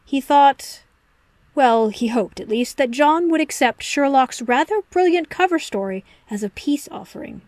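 Female narrator, expressive and steady, dry close recording. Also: high voice, unhurried, no echo. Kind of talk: audiobook reading of fan fiction.

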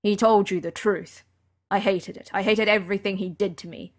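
A woman's voice: mid-range voice, fairly even intonation, moderate pace, lightly acted. A woman reading an audiobook voices an aloof, proud young man in pain, with a dry, clipped manner. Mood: guarded.

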